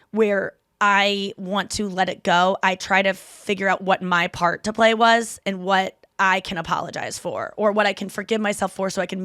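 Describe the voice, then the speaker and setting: A woman hosting a podcast, telling stories in casual chat with quick asides and self-corrections. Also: mid-range voice, sharp tone, dry recording, clean studio sound. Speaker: podcast host.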